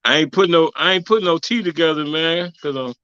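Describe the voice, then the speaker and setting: A man's voice: fairly high pitch, fairly quick, bright, forceful tone, clean tone, no room sound, dull audio. A man co-hosting a podcast in casual chat, laid-back and teasing. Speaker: podcast co-host.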